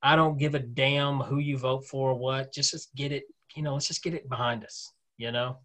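A man's voice: mid-range voice, steady tone, moderate pace, fairly bright tone. A man hosting a podcast in casual, joking chat, sometimes drawing out words for effect. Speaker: podcast host.

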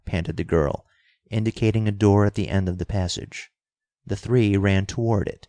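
Male audiobook narrator for an adventure story, low voice, measured and dramatic, very dry sound. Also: fairly even intonation, warm tone, no echo.

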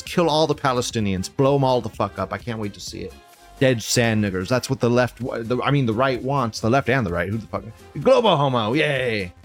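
A man hosting a news commentary show in a casual, profane, mocking rant, laughing often. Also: a little high.

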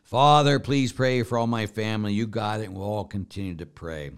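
A man's voice: on the low side, fairly quick, smooth. A man, a Catholic priest, chatting casually as he reads out viewer questions and answers them, guiding listeners through a meditation step by step. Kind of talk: casual spiritual Q&A, reading questions aloud.

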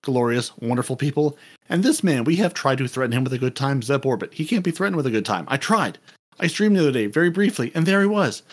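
Guy hosting a gaming podcast, goofy and rambly, ordinary middle-pitched voice. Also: lively intonation, fast talker. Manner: playful, rambling, stumbling over repeated words. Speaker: podcast host. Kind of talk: casual gaming podcast chat.

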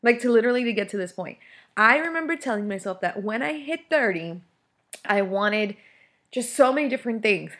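A woman's voice: on the high side, lively intonation, brisk, fairly bright tone. A woman in her thirties hosting a casual solo podcast, venting in a heated way with many fillers and restarts. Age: 30s. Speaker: podcast host.

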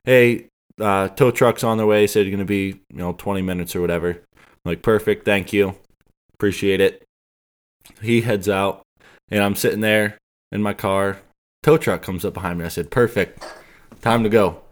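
A man with a fairly low voice tells a long story in casual podcast chat. He rambles along and acts out each exchange he remembers, speaking into a podcast microphone. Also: steady tone, moderate pace. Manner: rambling, acts out quoted dialogue.

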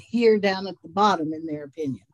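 A woman with a Southern Appalachian accent, co-hosting a casual chat and telling stories in an unhurried, rambling way. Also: lowish voice. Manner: unhurried, rambling storyteller with frequent laughs. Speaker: podcast co-host. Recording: dry close sound.

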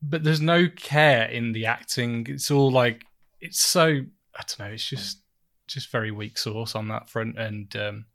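A man's voice: mid-range voice, unhurried, creaky, a bit bright. Rambling man reviewing films. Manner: rambling, self-mocking, laughs often. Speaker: podcast host reviewing films. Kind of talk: casual chat.

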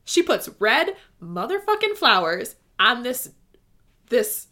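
A woman chatting casually about a book as a co-host, gushing and animated, swearing freely and reading passages aloud. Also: on the high side, slow pace. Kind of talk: casual book discussion chat.

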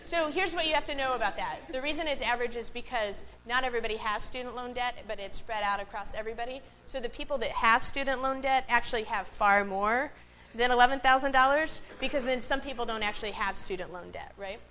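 A woman's voice: fairly high pitch, fast, fairly bright tone, a little hiss or hum, low-quality recording. A woman pastor gives a conversational sermon to a congregation in a worship space. She often asks the room questions and checks in with "right?" between points.

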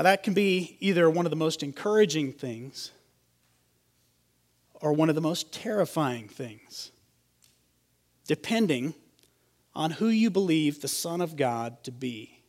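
A man, a pastor, preaching an expository sermon in a measured way, slowing down to stress key lines. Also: fairly high pitch.

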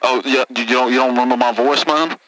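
A man's voice: medium pitch, steady tone, a bit bright, dry recording, voice pushed down, natural voice, rough recording. A man voicing a crude, hotheaded trucker from Texas in a comedy call-in sketch, ending his lines with "man". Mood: angry. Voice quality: drawling, ends lines with "man", quick to threaten. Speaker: caller in a sketch.

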